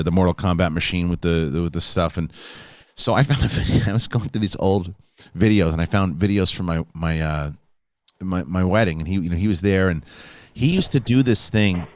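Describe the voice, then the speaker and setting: A man hosting a live show, telling stories in a casual, animated way with frequent laughs. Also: low voice, no room sound. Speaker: host. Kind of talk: casual chat.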